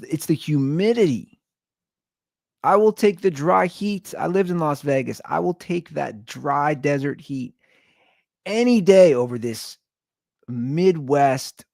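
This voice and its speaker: A man talks straight into a dry-sounding mic, his pitch leaping around as he rambles through jokes at his own expense. He often trips over and repeats his words. The delivery is loose, unscripted podcast chat. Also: lively intonation, slow, vocal fry, darkish tone, dry recording. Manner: rambling, joking, self-deprecating. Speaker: podcast host. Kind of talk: casual solo podcast rant.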